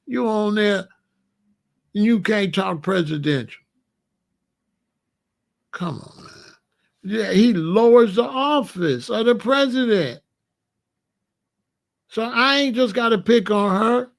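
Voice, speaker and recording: Blunt, high-voiced man ranting to viewers. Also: takes it slowly, vocal fry, pauses often. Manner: blunt, emphatic, talks straight to viewers. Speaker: commentator. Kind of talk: casual political commentary.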